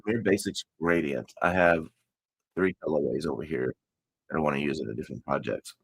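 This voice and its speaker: A man's voice: very deep voice, a little fast, creaky, slightly rough, no room sound, poor audio. A man with a Texan accent hosting a crochet channel, chatting casually and rambling, often correcting himself mid-sentence. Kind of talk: casual chat to viewers.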